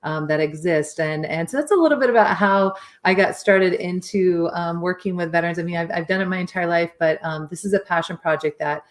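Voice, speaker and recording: Earnest, lower-voiced woman guest. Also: brisk, hardly any pauses. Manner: earnest and explanatory. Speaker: interview guest, nonprofit founder. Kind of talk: conversational interview answers.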